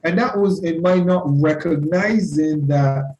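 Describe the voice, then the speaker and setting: A man's voice: on the high side, measured pace, darkish tone, muffled recording. Earnest man leading a class, echoey. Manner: earnest, self-deprecating, repeats phrases. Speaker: class leader. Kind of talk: teaching discussion.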